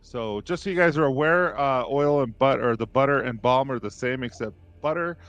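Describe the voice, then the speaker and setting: A man's voice: medium pitch, brisk, a bit bright. A man hosting a casual livestream, chatty and joking as he runs giveaways. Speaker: livestream host.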